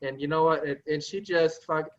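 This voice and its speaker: A man from New York telling a story in an animated, profane, self-mocking way, on a podcast call. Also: a little high, moderate pace, highs cut off. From New York, USA. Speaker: podcast guest. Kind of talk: casual storytelling.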